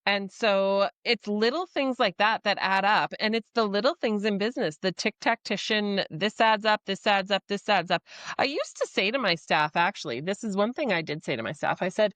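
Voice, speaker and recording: A woman's voice: mid-range voice, normal speed, a bit bright, no room sound. A woman hosting a farm podcast, talking frankly and chattily and poking fun at her own past mistakes. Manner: frank, chatty, self-deprecating. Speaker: podcast host, former farmer. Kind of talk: casual podcast interview.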